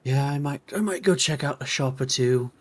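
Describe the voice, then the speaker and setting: A man's voice: medium pitch, normal speed. A man playing a tabletop game in a casual way. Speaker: player.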